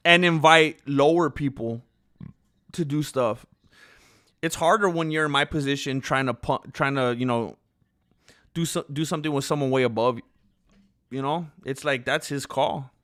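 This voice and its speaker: A man's voice: a little high, a bit bright, dry recording. Chatty man with a dry close voice. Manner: rambling, self-deprecating, many fillers and restarts. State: hiccuping and burping. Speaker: channel host. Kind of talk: casual livestream chat.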